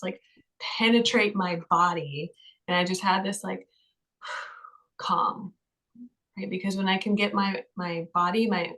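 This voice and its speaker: Woman, counselor, casual podcast guest, chatty storytelling, lively rise and fall, fillers. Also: medium pitch, low-quality recording. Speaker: mental health counselor.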